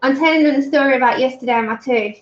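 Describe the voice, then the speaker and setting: A woman's voice: high-pitched, rapid-fire, highs cut off. Chatty woman telling a laughing story. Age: 30s. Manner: chatty, laughs often, acts out her own story in quoted voices. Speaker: colouring livestream host. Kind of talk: casual chat while colouring on a livestream.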